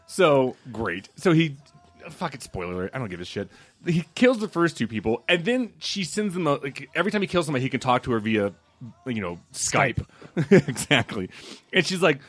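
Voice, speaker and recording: Animated, laughing, profane male film critic. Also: fairly high pitch, fairly quick, no room sound. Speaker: film critic, podcast regular. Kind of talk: casual chat.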